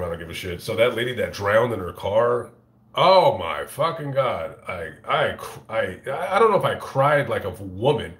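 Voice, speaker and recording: A man hosting his own livestream, chatting casually and profanely with many halting restarts, on a phone mic. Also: low-pitched, a bit bright. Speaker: channel host on a livestream. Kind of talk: casual rambling livestream chat. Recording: echoey room.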